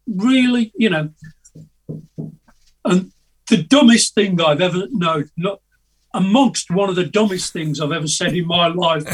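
A man's voice: sits high, a bit bright, breathy edge. An older man from the telling rambling stories in a casual interview over a video call, hesitant and chatty, often laughing at his own tales. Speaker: guest musician. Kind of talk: casual anecdotal storytelling. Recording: voice a bit distant from the mic.

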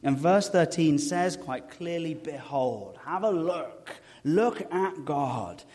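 A man preaching a sermon as a pastor, an animated storyteller who drops to a hush for emphasis. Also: a little high, takes it slowly. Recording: long reverb of a hall.

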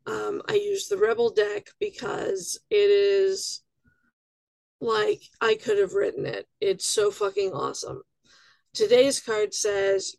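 A woman's voice: a little high, vocal fry, a little mellow, no echo, poor audio. A woman hosting a tarot podcast, talking in a blunt, chatty way and swearing freely. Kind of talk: casual spoken reading.

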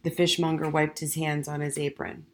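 A woman reading a storybook chapter aloud in a soft, measured narration. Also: low voice, flat delivery, a little hiss or hum. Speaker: audiobook reader.

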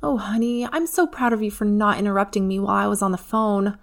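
A woman voicing a kind, patient mother who speaks gently and reassuringly. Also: medium pitch, steady tone, quick pace, vocal fry, lightly acted. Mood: soothing.

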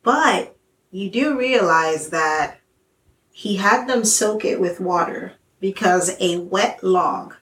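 A woman's voice: medium pitch, expressive, takes it slowly, a bit bright. A woman co-hosting a faith podcast, making emphatic, playful points in casual chat. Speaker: podcast co-host. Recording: echoey room.

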